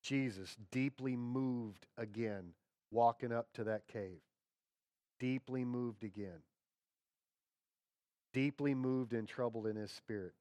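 A man preaching a sermon in a conversational, folksy way, checking in with his listeners and dropping to quiet tones for emphasis. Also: mid-range voice, slow pace, pauses often, dry recording. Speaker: pastor.

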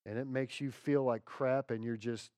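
Male pastor, animated sermon delivery, loud bursts and hushed asides, dry close recording. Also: medium pitch, normal speed, dry recording.

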